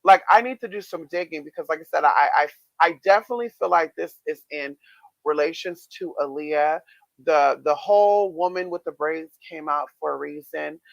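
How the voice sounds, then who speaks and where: A man vlogging, casually telling his viewers a story in a chatty, expressive way with frequent swearing. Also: a little high, normal speed, creaky, no room sound, dull audio. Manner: chatty, expressive, swears freely, many fillers.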